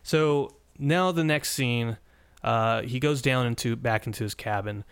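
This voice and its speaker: A man's voice: medium pitch, measured pace, clean tone, dry recording. Rambling man recapping an old episode. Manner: rambling, many restarts and fillers. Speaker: podcast host.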